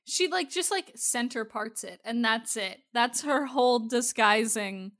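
A young woman co-hosting a podcast, chatting casually and playfully with quick asides. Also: a little high, expressive, a bit bright. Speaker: podcast co-host. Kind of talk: casual recap chat.

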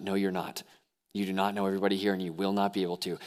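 A young man preaching a sermon as pastor, animated, swinging from hushed lows to excited near-shouts. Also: racing. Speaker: youth pastor.

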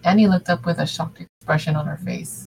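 A woman's voice: low-pitched, fairly even intonation, brisk, vocal fry, a little mellow, slight background noise, rough recording. A woman narrating a fan fiction story aloud in a casual way, with small slips and restarts. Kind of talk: amateur story reading.

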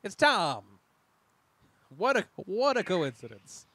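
A man's voice: high voice, big pitch swings, slow pace, a bit bright, a little hiss or hum. A man in casual podcast chat, recapping a TV miniseries scene by scene, rambling and laughing with frequent restarts. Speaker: podcast co-host.

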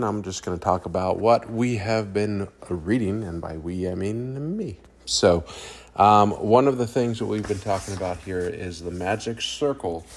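A man who teaches third grade, talking casually about classroom methods in a loose, rambling way with plenty of fillers. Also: on the low side.

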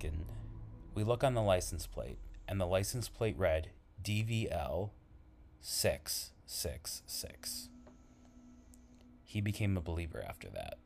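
A man who works as an emergency responder, earnestly retelling a frightening call in halting, conversational storytelling. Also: deep voice, background noise. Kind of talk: spoken storytelling.

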